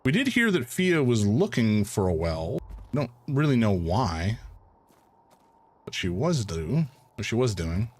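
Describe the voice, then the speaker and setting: A man's voice: on the low side, very animated, a little slow. A man, streaming a game and thinking aloud in rambling commentary. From Canada. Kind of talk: let's play commentary.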